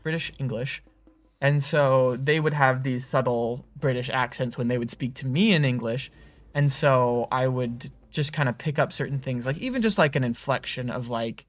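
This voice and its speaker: A man's voice: medium pitch, normal speed. A young man hosting a casual livestream chat, talking loosely with lots of fillers and playful laughs. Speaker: livestream host.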